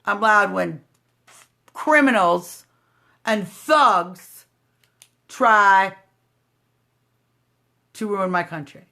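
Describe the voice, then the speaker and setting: A woman hosting a live phone stream, talking loudly in a confrontational, sarcastic political rant. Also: medium pitch, animated, very slow, vocal fry, long pauses. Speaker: livestream host. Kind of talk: combative political livestream rant. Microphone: phone livestream.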